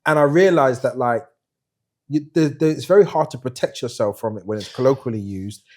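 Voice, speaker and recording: A man's voice: mid-range voice, brisk. A middle-aged man, a podcast host telling a story in casual chat and putting on voices when he quotes people. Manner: animated storyteller who puts on voices when quoting people.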